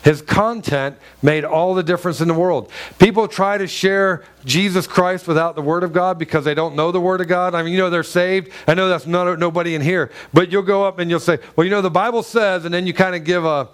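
A man's voice: sits high, steady tone, a little fast, few pauses, smooth. A man preaching a sermon in a church, earnest and emphatic, with many rhetorical questions and repeated phrases. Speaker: pastor.

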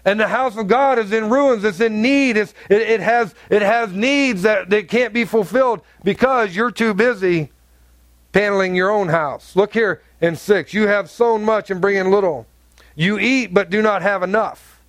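A man's voice: sits high, moderate pace, fairly bright tone, dry recording. A male pastor preaching an emphatic sermon, acting out voices in his examples. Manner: emphatic preaching with acted-out dialogue.

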